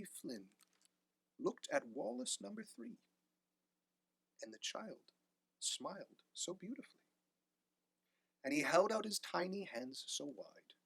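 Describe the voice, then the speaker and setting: A man reading a rhyming picture book aloud with animated delivery. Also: high-pitched, slow, gravelly, long pauses, slightly rough, no echo. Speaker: storyteller.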